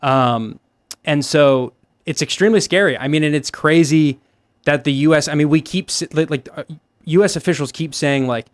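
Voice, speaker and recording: A man's voice: fairly high pitch, moderate pace, no room sound. A man appearing as a guest reporter on a talk show, speaking in a hesitant way full of fillers. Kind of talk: casual political chat.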